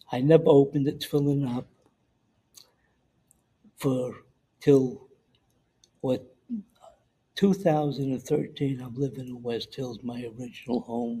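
Older man, gravelly and husky, warm low tone; a veteran telling his story in halting, repeating phrases. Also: low-quality recording. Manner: halting, repeats words and acts out the dialogue he recalls. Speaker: veteran recounting wartime memory. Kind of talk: oral history storytelling.

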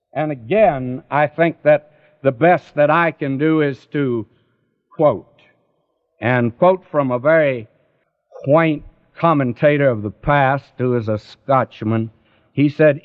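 Slow, earnest preacher on a muffled old recording. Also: male voice, on the high side. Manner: earnest, pleading, rising emphatic swells. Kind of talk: radio Bible sermon. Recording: dull lo-fi radio recording.

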